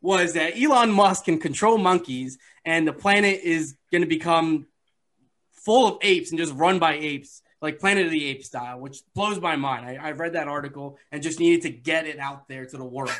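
Male podcast host, high voice, excitable rambling chat. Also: normal speed. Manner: excitable, rambling, laughs easily.

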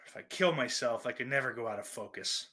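A man hosting a podcast in casual live-stream chat, greeting viewers and rambling through profane, self-deprecating banter, with loud outbursts between muttered asides. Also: medium pitch, fast, slightly rough. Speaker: podcast host.

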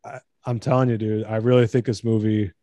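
An American man talking excitedly in a casual podcast chat, rambling and swearing. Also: on the low side, brisk, no room sound. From United States.

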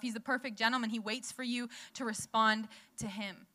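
A woman's voice: on the high side, steady tone, a little fast, sharp tone. A young woman preaching a sermon in a conversational way, laughing often and telling stories with animation.

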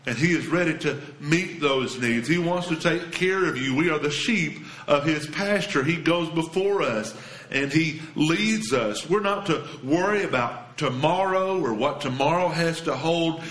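Earnest preacher man with a roomy echo. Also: unhurried. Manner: earnest, emphatic preaching that drops soft and low for scripture. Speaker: pastor. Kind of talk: sermon.

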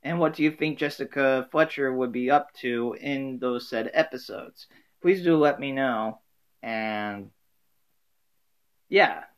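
A man's voice: medium pitch, takes it slowly. A man hosting a casual solo talk from home, rambling with many fillers and restarts.

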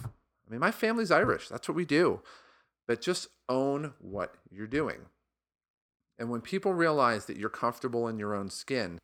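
Lively, bright-voiced male sales coach. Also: medium pitch. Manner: earnest, encouraging coaching tone. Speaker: sales podcast host. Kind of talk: motivational solo podcast monologue.

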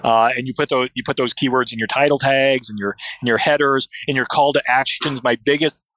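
A man's voice: mid-range voice, fairly even intonation, fairly quick, fairly bright tone, no room sound. Enthusiastic man on a dry, dull mic. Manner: enthusiastic, many fillers and restarts. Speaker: podcast guest, SEO expert. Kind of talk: casual interview talk.

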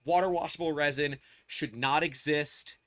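A man's voice: fairly high pitch, fairly even intonation, normal speed, a bit bright. A man from the United States hosting a podcast, speaking bluntly and casually. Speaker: podcast host.

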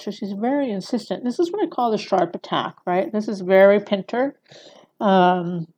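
A woman's voice: medium pitch, moderate pace, darkish tone. A woman giving a conversational screenwriting lecture, often checking in with her listeners by asking "right?". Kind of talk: recorded lecture.

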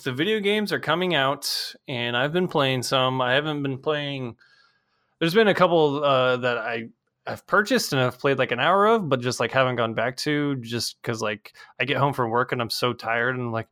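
Young man, podcast host, rambly, swears a lot, dry close sound, middle pitch. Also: animated, normal speed, a bit bright, no echo. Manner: rambling, swears freely, acts out quotes in a raised voice. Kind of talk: casual chat.

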